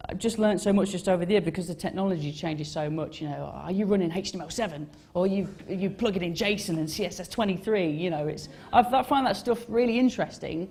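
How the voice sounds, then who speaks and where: A man's voice: high-pitched, a little fast, a little mellow. A young man gives a casual talk about his design work on stage. He rambles and mocks himself, with many fillers and restarts. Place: on stage at a live event.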